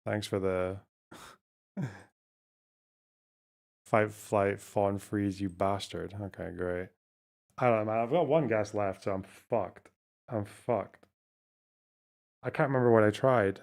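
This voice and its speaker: A man's voice: on the low side, steady tone, slow, gravelly, long pauses, a little mellow. A man streaming live, thinking aloud as he plays a word puzzle, swearing often and talking to his chat. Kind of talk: casual live-stream talk while playing a word puzzle.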